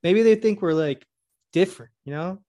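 A man's voice: sits high, moderate pace, mellow. A man from Florida chatting in loose, profane banter on a podcast, rambling and laughing often. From Florida, USA. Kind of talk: casual crude banter.

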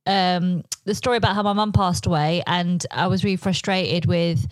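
A woman's voice: lowish voice, moderate pace, no room sound, low-quality recording. A woman comedian from England, chatting as a guest and telling stories with lots of swearing. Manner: animated storyteller, swears freely, acts out quotes. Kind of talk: casual interview chat.

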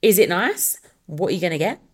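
A woman's voice: on the low side, animated, a little fast, breathy edge. A young adult woman hosting a casual solo podcast, chatty and upbeat with rambling asides. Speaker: podcast host.

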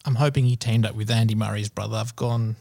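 A man's voice: on the low side, fairly even intonation, fast, creaky, background noise. A man answering quiz questions with wry, self-deprecating jokes. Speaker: quiz contestant. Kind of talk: casual podcast chat.

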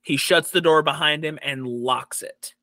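A man narrating as dungeon master in a tabletop game, halting with many fillers and restarts. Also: a little high, pushed and bright, no echo.

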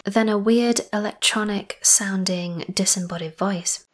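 A woman hosting a podcast, chatty and enthusiastic, sometimes dropping to a soft whisper. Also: mid-range voice, fairly even intonation, unhurried, a little hiss or hum. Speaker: podcast host. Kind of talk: casual podcast narration.

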